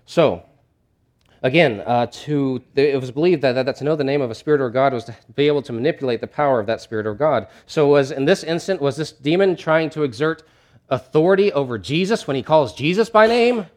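A man's voice: mid-range voice, a little fast, darkish tone. A man preaching a sermon in a conversational, emphatic way, often restarting his phrases.

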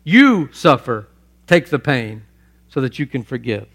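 A man preaching a sermon, emphatic, swinging between loud stresses and hushed asides and repeating phrases for weight. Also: medium pitch, big pitch swings, measured pace. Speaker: pastor.

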